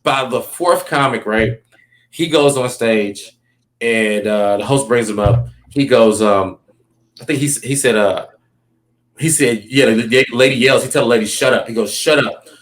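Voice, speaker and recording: A man's voice: medium pitch, normal speed. A man, a comedian, telling stories in a casual, rambling interview and checking in with "you know what I mean" often. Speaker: comedian guest. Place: Los Angeles.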